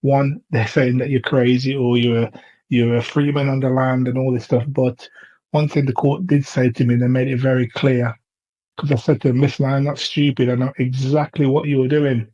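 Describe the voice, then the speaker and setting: A man's voice: medium pitch, little pitch movement, moderate pace, warm tone, muffled recording. A man from England telling of a court visit in a casual, earnest way, with many ums and restarts. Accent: English. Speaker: testimony speaker. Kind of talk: casual first-person account.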